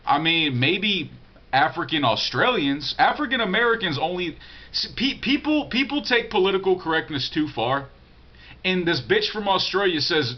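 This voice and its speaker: A man's voice: high-pitched, expressive, moderate pace. A man talking to the camera in a loose, rambling way, swearing freely and often restarting his words as he answers a viewer's email. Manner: profane, digressive, blunt. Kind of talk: casual rambling monologue. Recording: dull lo-fi audio.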